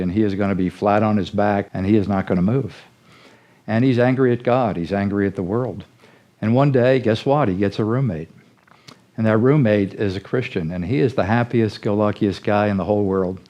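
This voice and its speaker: A middle-aged man with a low, mellow voice, telling a folksy story in the earnest manner of a sermon. He speaks as a ministry leader addressing his listeners. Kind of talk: storytelling sermon-style talk.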